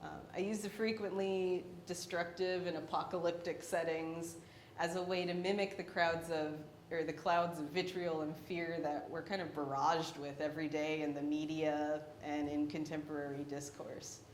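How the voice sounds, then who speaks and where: A young woman presents her own paintings with a wry, self-mocking humor. Her voice sits a little low. The room is echoey and a faint rumble runs underneath. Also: level tone, normal speed. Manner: wry, self-deprecating, laughs between points. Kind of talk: artist talk about her work.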